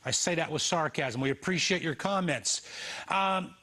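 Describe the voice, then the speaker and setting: A man hosting an interview, asking questions in a quick, wry, casual way. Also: on the high side, bright, forceful tone. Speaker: show host.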